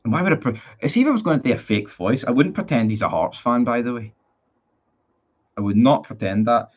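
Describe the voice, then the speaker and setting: A man's voice: mid-range voice, animated, fairly quick, husky. Man, 20s, Northern Irish accent, casual live-stream chat, rambling, blunt, swears, muffled lo-fi sound. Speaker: football fan streamer. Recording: dull lo-fi sound.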